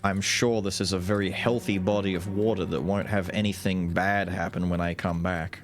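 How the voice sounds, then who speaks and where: A man's voice: deep voice, little pitch movement, normal speed. A man streaming a video game, giving casual commentary with crude, joking asides. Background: loud game music.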